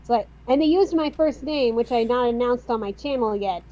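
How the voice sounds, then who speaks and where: A woman's voice: a little high, a little fast. Stammering woman on a dull lo-fi mic. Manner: stammering restarts, deadpan. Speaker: artist and channel host. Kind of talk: casual chat. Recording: dull lo-fi sound.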